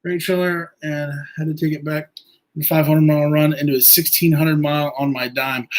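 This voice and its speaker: A man hosting a casual livestream, answering viewer questions in a rambling, halting way with many fillers. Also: fairly high pitch, level tone. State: eye irritated from injury. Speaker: livestream host.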